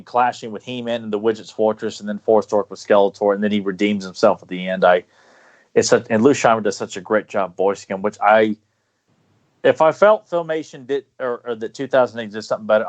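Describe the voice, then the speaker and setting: A man talking eagerly in a casual podcast chat, stopping and restarting his sentences often. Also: fairly low pitch. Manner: enthusiastic, halting with many restarts. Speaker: podcast guest. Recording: dull lo-fi podcast audio.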